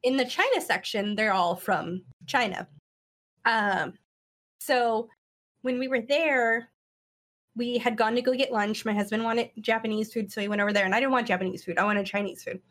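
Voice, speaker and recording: A woman's voice: on the high side, normal speed, fairly bright tone. A married woman chatting casually on a podcast, telling a long story with plenty of "like" fillers. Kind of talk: casual chat.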